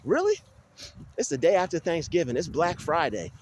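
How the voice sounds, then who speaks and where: Animated young man ranting on a phone outdoors. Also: fairly high pitch, fairly quick, slight background noise. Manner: animated, ranting, repeats and restarts often. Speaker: vlogger. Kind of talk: casual vlog monologue. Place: outdoors in a field. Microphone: phone held while walking.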